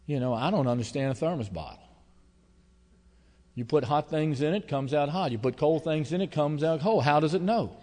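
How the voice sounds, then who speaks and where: A man preaching a sermon as pastor, telling stories in a folksy, emotional way that swings between loud and hushed. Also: fairly high pitch, normal speed. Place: church sanctuary. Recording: long hall reverb.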